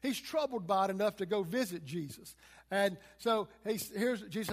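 A man's voice: sits high, moderate pace, long reverb tail. A man preaching a sermon, walking through scripture verse by verse and retelling it in plain, everyday words.

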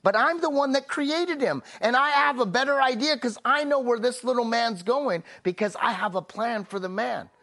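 A male pastor delivers a sermon emphatically, slowing down on key phrases and letting his voice drop soft and low as each thought closes.

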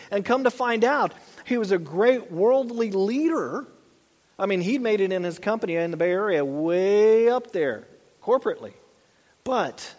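A man's voice: high voice, a little mellow. A man preaching a conversational sermon as a pastor, often repeating and restarting his phrases. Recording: long hall reverb.

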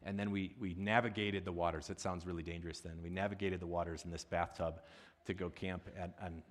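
A man preaching in a loose, conversational way, full of asides and questions thrown out to the congregation. His voice sits a little low for a man. He is a pastor who pokes fun at himself as he talks. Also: flat delivery, fairly quick. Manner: chatty and self-deprecating, with frequent asides and audience questions. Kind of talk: conversational sermon.

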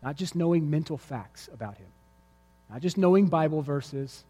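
A man's voice: on the high side, animated, normal speed, mellow, in a large hall. A male pastor preaching a sermon to his congregation, telling a vivid story and driving his points home with emphatic repetition. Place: church sanctuary before a congregation.

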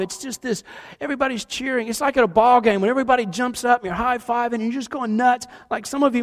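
High-voiced preacher in a reverberant hall. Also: male voice. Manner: animated storytelling, shifts between loud and hushed. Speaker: pastor. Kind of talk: sermon.

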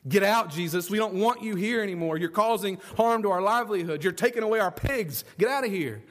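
Hostile townsfolk bark curt demands to get out, as a preacher acts them out. Their tone is dismissive and blunt, pitched fairly high. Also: male voice, fairly quick, fairly bright tone, in a large hall. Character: hostile crowd of male townspeople.

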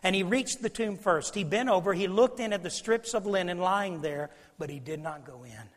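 A man preaching a sermon as pastor, emphatic and preacherly, swinging from loud declarations to low, intimate asides. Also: normal speed. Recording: long reverb of a large hall.

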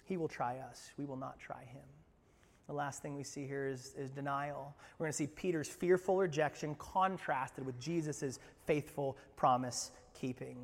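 A man preaching a sermon as pastor, animated, swinging from loud bursts to quiet low asides. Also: moderate pace, creaky, big-room sound. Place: church sanctuary.

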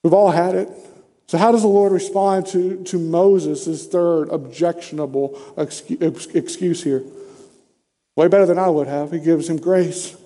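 A man with a high yet mellow voice preaches a sermon, talking it through conversationally and firing off rhetorical questions. His words ring out with a long reverb, as in a large church hall. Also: fairly even intonation, unhurried.

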